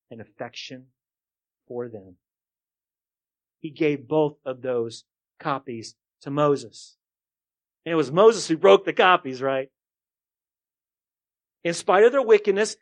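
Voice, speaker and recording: A male pastor preaching a sermon to his congregation, dropping to quiet murmurs and then building to loud, rising rhetorical questions. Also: high-pitched. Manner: addresses the congregation directly, asking for responses.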